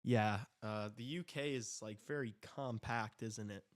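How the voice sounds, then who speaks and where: Laid-back man chatting slowly. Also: fairly low pitch, no echo, clean studio sound. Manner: laid-back, rambling, swears casually. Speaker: podcast host. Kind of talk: casual live-stream chat.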